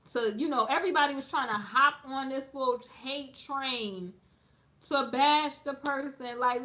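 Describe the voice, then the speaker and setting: A woman's voice: a little high, bright, forceful tone. A woman giving sassy, emphatic gossip commentary on a live stream, talking straight to her viewers in a slangy, casual way.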